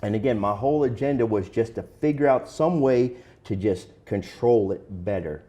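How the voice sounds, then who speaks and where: A man's voice: mid-range voice, lively intonation, moderate pace, warm tone. A man speaking as an interview guest, candid and plain-spoken, telling his own story in a casual, conversational way with some slang.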